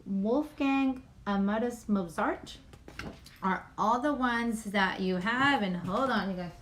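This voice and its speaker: A woman's voice: a little high, slow pace, a bit bright, slight background noise. A woman hosting a casual livestream at home. She reads names aloud and keeps apologizing for mispronouncing them. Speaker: YouTube livestream host. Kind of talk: casual livestream chat, reading a list aloud.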